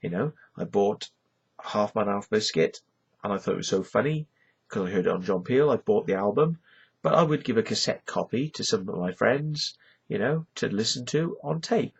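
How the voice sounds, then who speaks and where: A middle-aged Welsh man talks to camera in a loose, rambling way, leaning on "you know" again and again. His voice sits low and gravelly, with a deeply husky edge. The recording sounds muffled and lo-fi. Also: expressive, normal speed. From Wales. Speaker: YouTuber. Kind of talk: casual rambling monologue.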